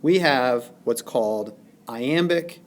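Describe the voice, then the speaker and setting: A male teacher giving a recorded lesson, speaking deliberately and exaggerating stressed syllables. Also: mid-range voice, lively intonation. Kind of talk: recorded classroom lesson narration.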